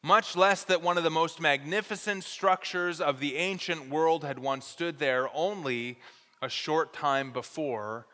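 A man preaches with a high, bright voice and teaches earnestly, stressing key words. His tone is smooth and clear. A long reverb trails each phrase, as in a large hall. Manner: earnest, explanatory teaching with careful emphasis. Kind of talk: expository sermon.

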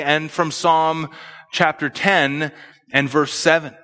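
A man's voice: fairly high pitch, bright, forceful tone, big-room sound. A man preaching an expository sermon, earnestly explaining scripture verse by verse.

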